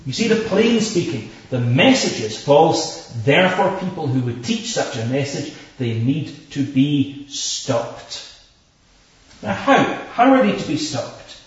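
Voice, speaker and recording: A man preaching a sermon with slow, emphatic delivery, stressing repeated words and reading scripture in old formal English. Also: on the high side, sing-song. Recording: echoey, distant, dull hall recording.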